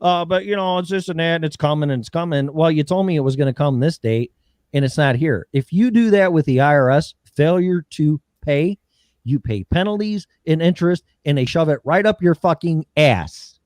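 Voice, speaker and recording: A man's voice: on the high side, animated, a little fast, darkish tone, no room sound, clean studio sound. A man hosting a political talk show, ranting heatedly with profanity and mocking impressions. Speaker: show host.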